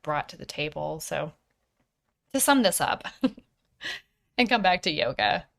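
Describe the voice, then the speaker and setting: Woman, 30s, podcast host, soft and introspective, slightly low voice, occasional whispers. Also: very animated, takes it slowly, creaky. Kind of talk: personal reflective podcast monologue.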